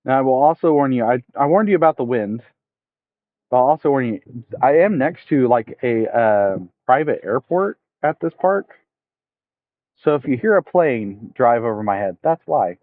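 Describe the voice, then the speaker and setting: A relaxed man with a mild Southern accent walks his viewers through a fishing setup and answers their chat as he goes. His voice comes through a cheap headset mic, narrow and phone-like, with no room sound around it. He sits at a middling pitch and talks in a plain, easygoing way. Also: normal speed, no room sound. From United States. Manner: relaxed, explains step by step, chats with viewers. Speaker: streamer. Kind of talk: casual fishing livestream tutorial. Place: outdoors at a park by water. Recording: tinny dry phone-like headset audio.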